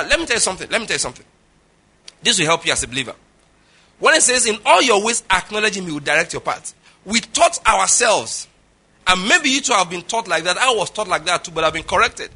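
A man's voice: high voice, sharp tone, breathy edge. A middle-aged man preaching a sermon, telling stories with jokes and Pidgin asides. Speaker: pastor.

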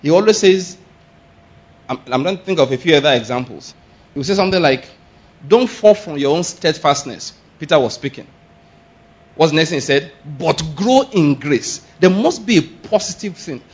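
A man preaching a sermon in an animated, laughing way, often acting out exclamations. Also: a little high, breathy edge. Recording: dull lo-fi sound.

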